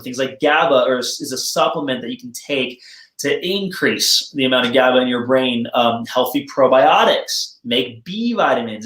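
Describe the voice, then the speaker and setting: A man's voice: mid-range voice, fairly bright tone. Man giving a casual health talk, roomy sound. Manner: friendly, explanatory, self-joking. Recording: roomy echo.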